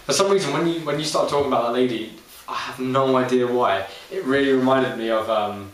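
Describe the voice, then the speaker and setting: A man's voice: mid-range voice, fairly quick, a little hiss or hum. A young man in his late teens chatting casually, reacting with short replies and laughs. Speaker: podcast co-host. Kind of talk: casual chat. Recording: echoey room, distant mic.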